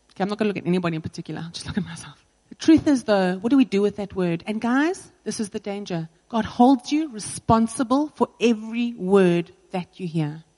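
A woman's voice: mid-range voice, darkish tone, long reverb tail, low-quality recording. A woman pastor preaching a sermon in an earnest, personal way, driving her points home with repetition.

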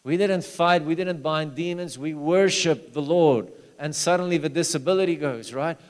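A man preaching a sermon, telling stories, with loud urging that drops to low, hushed asides. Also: moderate pace, smooth. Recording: long hall reverb.

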